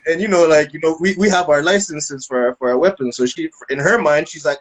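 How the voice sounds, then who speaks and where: A man's voice: fairly high pitch, a little fast, hardly any pauses, poor audio. A man co-hosting a podcast, telling a story loosely with many fillers and restarts. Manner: acts out voices with laughter. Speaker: podcast co-host. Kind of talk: casual storytelling.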